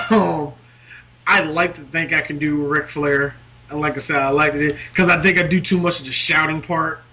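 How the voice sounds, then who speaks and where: A man's voice: a little high, fairly even intonation, moderate pace, sharp tone, a little hiss or hum. A man chatting casually about wrestling as a podcast co-host, rambling with lots of fillers. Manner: rambling, many fillers, laughs often.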